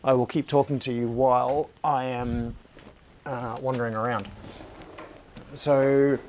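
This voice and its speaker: A man's voice: mid-range voice, little pitch movement, a little slow, a little mellow. A man hosting a live stream, chatting casually and muttering to himself while he searches a workshop clean room. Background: rustling anti-static bags and clicks.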